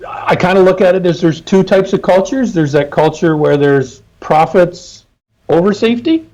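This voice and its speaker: Upbeat middle-aged man with higher voice. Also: moderate pace, darkish tone, rough recording. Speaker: trucking safety consultant, guest. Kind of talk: casual interview talk.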